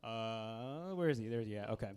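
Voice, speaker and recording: A man's voice: fairly low pitch, lively intonation, brisk, darkish tone, clean tone. A man hosting a comedy show, introducing acts on a club stage in a casual, slightly fumbling way.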